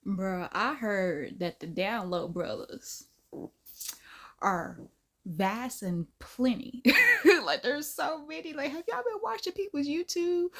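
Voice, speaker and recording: A woman's voice: mid-range voice, animated, a little slow. A woman hosting a reaction video, chatting casually and laughing, trailing off as she searches for words.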